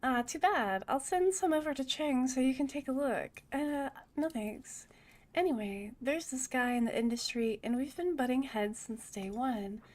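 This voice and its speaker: A sleazy, rotund studio boss in a cyberpunk game, all high nasal wheeling and dealing in a rough mock New York accent. A woman puts him on while reading the game text. The voice stays fairly high. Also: darkish tone. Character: rotund male film-studio boss, oily and pushy. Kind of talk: reading game dialogue aloud.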